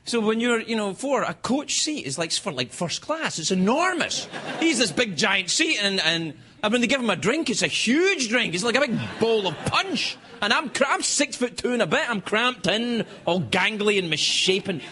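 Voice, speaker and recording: Scottish guy doing a late night monologue, bouncy voice all over the place, noisy tape. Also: normal speed. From Scotland. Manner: animated, self-mocking storytelling with sudden high-pitched bursts. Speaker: late-night talk show host. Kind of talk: stand-up monologue. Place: television studio with live audience.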